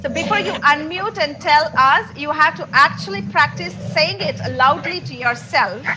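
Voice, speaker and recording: A woman's voice: sits high, moderate pace. A woman teaching an interactive online English class in an upbeat, encouraging way. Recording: noisy online class audio.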